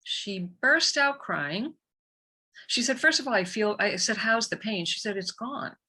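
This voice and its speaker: Woman, energy healer guest, bright forceful voice, animated storyteller. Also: fairly high pitch, measured pace, husky. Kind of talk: conversational storytelling.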